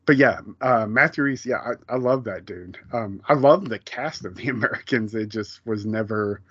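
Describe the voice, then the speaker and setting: A man's voice: on the low side, moderate pace, fairly bright tone, husky, dry recording. A man co-hosting a casual podcast, talking loosely with plenty of fillers and easy laughter. The recording is dry and a bit dull, with little room sound. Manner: chatty, laughs often, many fillers. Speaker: podcast co-host. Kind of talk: casual chat.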